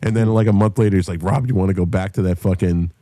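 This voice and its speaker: A man tells a story on a podcast, animated and full of swearing. His voice sits fairly low, and the sound is dry and close. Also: quick pace, dry recording. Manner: animated storyteller, shouts when acting out others. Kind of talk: profane casual storytelling.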